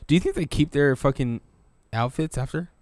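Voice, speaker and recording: A man hosting a podcast, chatting excitably and swearing while watching fights. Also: on the high side, moderate pace, no room sound. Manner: excitable, bursts into shouts. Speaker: podcast host. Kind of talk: casual chat watching fights.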